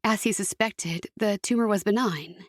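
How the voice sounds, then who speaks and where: A woman voicing a tired young woman recovering from surgery, with weary, quiet replies. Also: mid-range voice, moderate pace, no room sound, clean studio sound, lightly acted.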